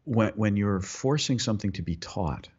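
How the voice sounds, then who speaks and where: Low-voiced priest rambling on a podcast. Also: male voice, expressive, moderate pace, a little mellow, husky, lo-fi sound. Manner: rambling, full of restarts and tangents. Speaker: priest co-host. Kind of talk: casual podcast chat.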